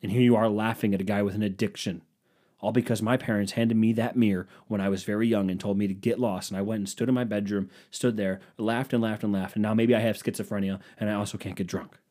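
A man's voice: fairly low pitch, fairly even intonation, quick pace, mellow. A young man hosting a solo podcast, ranting in a sarcastic, self-mocking, rambling way. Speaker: podcast host. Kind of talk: solo comedic podcast rant.

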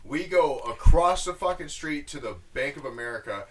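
A man's voice: a little high, expressive, normal speed. A man co-hosting a casual podcast, telling a story in a rambling, profane way. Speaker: podcast co-host. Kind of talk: casual chat among friends.

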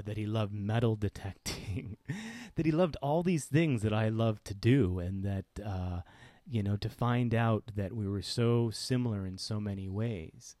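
A middle-aged man with a lowish voice tells a personal story on his podcast, earnest and reflective, often pausing and restarting mid-thought. He sounds close to a dry microphone with no room sound around him. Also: a little mellow, no echo. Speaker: podcast host.

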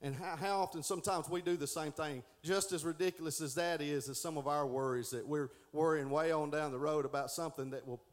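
A man's voice: on the high side, fairly even intonation, fairly quick, hardly any pauses. A middle-aged man giving a folksy Sunday school lesson, stumbling and restarting as he reads aloud.

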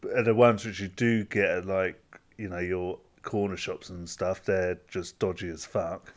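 Lowish guy chatting on a podcast, rambly, keeps restarting what he's saying. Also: steady tone, unhurried. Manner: rambling, hesitant, restarts a lot. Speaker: podcast co-host. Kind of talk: casual chat.

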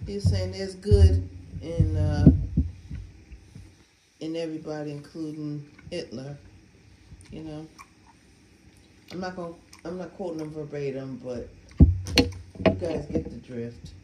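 A woman co-hosting a podcast, teasing and quick-witted in a casual chat. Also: low-pitched. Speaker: podcast co-host. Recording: echoey room with loud hiss.

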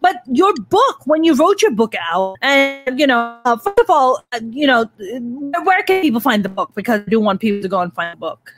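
A woman's voice: high voice, sing-song, normal speed, few pauses, over music. A woman in her thirties hosting a podcast, talking candidly and emotionally, swearing freely. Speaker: podcast host. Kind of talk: candid conversational interview.

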